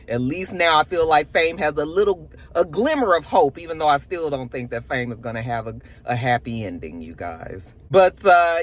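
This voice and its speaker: A woman vlogger reviewing a TV episode in casual, chatty talk, animated and laughing often, recorded in a home studio. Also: deep voice. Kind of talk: casual chat.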